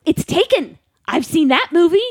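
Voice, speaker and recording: A woman's voice: very high voice, very animated, moderate pace, a little hiss or hum. A woman telling a dramatic family story in casual chat, acting out quotes and laughing often.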